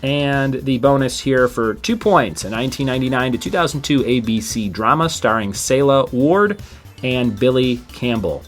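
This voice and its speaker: A man's voice: medium pitch, expressive, moderate pace, soft background music. Man reading trivia questions aloud. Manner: reads each question twice, chatty asides. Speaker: trivia podcast host. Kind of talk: casual quiz reading.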